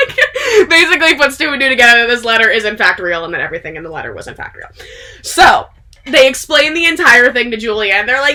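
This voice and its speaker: A woman's voice: on the high side, very animated, brisk, bright, forceful tone. A woman vlogger retelling a story to a friend in casual chat, rambling with lots of "like" and breaking into laughter. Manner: rambling, heavy use of "like", bursts of laughter.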